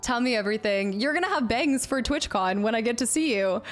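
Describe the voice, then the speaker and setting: A young woman streamer chatting casually with her viewers, bubbly and quick to laugh. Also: a little high, expressive, soft background music. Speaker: variety streamer. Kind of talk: casual live-stream chat.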